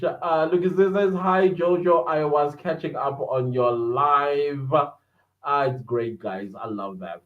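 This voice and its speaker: Male host, slightly high voice, slow and chatty, laughs often, echoey room. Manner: chatty, laughs often, greets viewers by name. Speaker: podcast host reading live chat. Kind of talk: casual livestream chat. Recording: echoey room, dull lo-fi sound.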